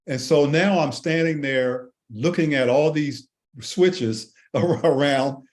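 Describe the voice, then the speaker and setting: Older male guest, sixties, animated storyteller with frequent restarts, mid-pitched voice. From Washington D.C. and Maryland, USA. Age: 60s. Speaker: guest, Air Force veteran. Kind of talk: storytelling in a podcast interview.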